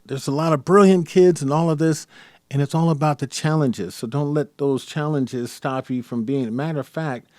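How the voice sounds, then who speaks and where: A middle-aged man hosting a podcast, telling stories from his life in a casual, conversational way and lively when quoting others. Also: mid-range voice, dry recording, studio quality. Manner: storytelling, animated when quoting his mother. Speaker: podcast host.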